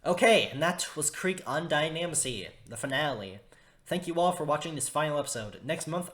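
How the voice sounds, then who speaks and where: A young man talks through a cartoon review in a loose, rambling way. He keeps restarting his sentences, says "like" constantly, and piles on exaggerated disgust. His voice sits at an ordinary middle pitch for a man. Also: a bit bright. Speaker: video reviewer. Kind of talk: casual opinion review.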